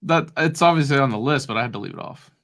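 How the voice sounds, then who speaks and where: A male co-host in a relaxed sports podcast. He answers briefly and slips in dry jokes. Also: medium pitch, fast talker. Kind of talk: casual sports chat.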